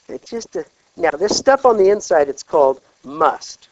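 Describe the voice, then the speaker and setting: A man's voice: a little high, normal speed, dry recording, dull audio. A man from Kansas preaching a sermon, often checking in with his listeners through rhetorical questions. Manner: animated, peppered with rhetorical check-ins.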